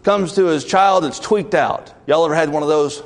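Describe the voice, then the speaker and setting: A male pastor with a slightly high, gravelly voice preaches in a folksy, conversational manner and keeps asking his congregation questions. His words ring out with a long reverb that fills the church sanctuary. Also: normal speed. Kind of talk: sermon.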